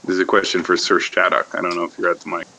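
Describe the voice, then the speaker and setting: A man's voice: deep voice, completely flat delivery, very fast, creaky, pushed and bright, slight background noise, poor audio. A man hosting a casual podcast discussion, lecturing in a rambling way that thinks aloud, with fillers and restarts. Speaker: podcast host.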